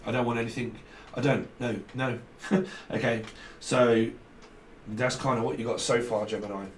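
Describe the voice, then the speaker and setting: A man talks through a tarot spread in a blunt, casual way. He swears freely and circles back over the same phrases. His voice sits at a middle pitch and sounds off-mic in a roomy space with faint noise behind it. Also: far from the mic. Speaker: tarot reader. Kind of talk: casual tarot reading to camera.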